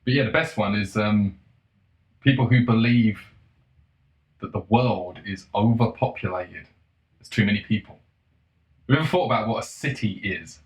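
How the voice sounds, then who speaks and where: A man in a casual monologue, profane and sarcastic, breaking into mocking shouts. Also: fairly low pitch, normal speed, long pauses. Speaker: solo commentator. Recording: roomy echo.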